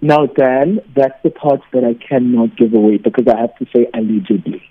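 A man, a teacher and radio host, calling in to tell an animated story and acting out the people in it. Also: medium pitch, moderate pace, husky. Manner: animated anecdote, acts out quoted voices. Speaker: teacher and weekend radio host, phone guest. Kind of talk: storytelling on a phone call. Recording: tinny phone line.

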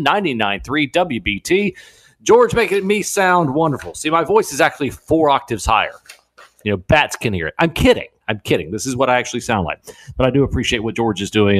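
A man hosting a talk radio show, giving a digressive opinion monologue with frequent restarts. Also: mid-range voice. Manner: animated, digressive, many restarts. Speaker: guest radio host. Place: radio studio.

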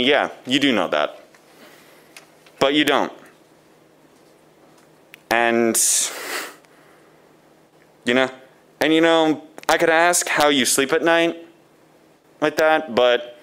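A man's voice: medium pitch, lively intonation, slow pace, pauses often, a bit bright, smooth. A man giving a scathing, sarcastic public comment at a city council meeting.

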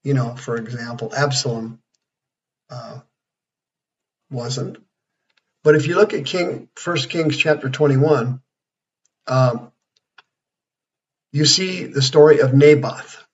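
A man's voice: mid-range voice, slow pace, long pauses. A man in his sixties giving a folksy, rambling radio Bible study as preacher and counselor. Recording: dull lo-fi radio sound.

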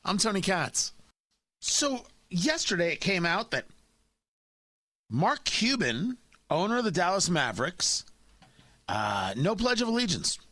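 Lively, sarcastic talk radio man. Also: high-pitched, unhurried, long pauses, no echo. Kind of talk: opinionated talk radio commentary. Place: radio studio. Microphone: studio microphone.

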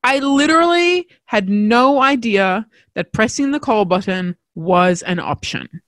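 A woman telling a personal story as a mother in a frank, expressive, self-mocking way, swearing casually. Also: mid-range voice, slow pace, dry recording.

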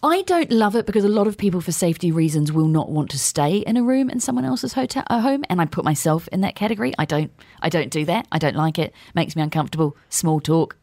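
A woman presenting business news, chatting briskly and interviewing a guest in a conversational, opinionated way. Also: lowish voice, expressive, darkish tone, no room sound.

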